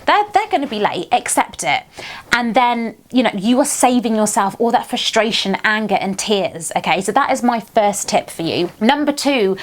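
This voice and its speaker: A young British woman talking earnestly to camera in a casual advice vlog, chatty with frequent ums and little laughs. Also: fairly high pitch. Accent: British English. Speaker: vlogger giving parenting advice.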